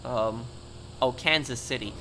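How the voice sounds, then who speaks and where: A man's voice: mid-range voice, measured pace, bright, forceful tone, slight background noise. A man chatting casually on a live game stream, talking straight to his viewers and answering them.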